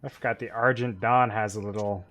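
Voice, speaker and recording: A man's voice: on the low side, fairly even intonation, brisk, fairly bright tone. A man chatting casually with a friend during an online game, answering in short, easygoing remarks. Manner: laid-back, short easygoing replies. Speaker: co-op gamer. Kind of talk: casual chat while gaming.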